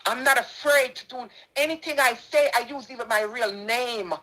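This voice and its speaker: Indignant Jamaican woman, bright voice. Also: a little high, normal speed, low-quality recording. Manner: indignant, emphatic, repeats her points. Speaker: charity donor responding to a dispute. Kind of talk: impassioned personal statement.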